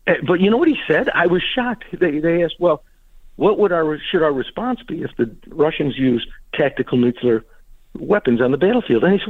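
A man's voice: a little high, expressive, dry recording. A man speaking as a guest on a radio talk show, answering in an emphatic, indignant way. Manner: emphatic, indignant, quick asides. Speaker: political guest. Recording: tinny phone line.

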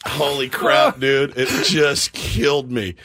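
A man hosting a morning sports radio show, telling stories in an animated, rambling way and laughing often. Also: medium pitch, takes it slowly. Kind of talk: casual morning radio chat.

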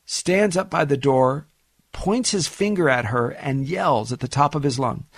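Gravelly talk radio host telling stories. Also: male voice, a little high, measured pace, no echo. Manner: animated, chatty storyteller with many restarts. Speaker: radio show host and financial advisor. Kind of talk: radio talk show storytelling.

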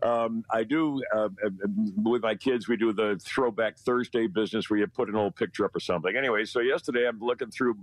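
A man's voice: lowish voice, fairly quick, few pauses, no echo, low-quality recording. An older man chatting from home as a weekly radio guest, rambling and folksy with frequent chuckles. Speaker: regular weekly guest on a morning talk radio show. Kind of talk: casual radio chat.

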